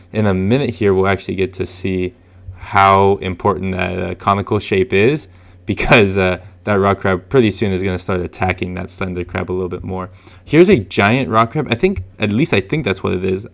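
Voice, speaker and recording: A man's voice: lowish voice, creaky. A man hosting a fishing channel, giving a casual, chatty voice-over with chuckles and many fillers.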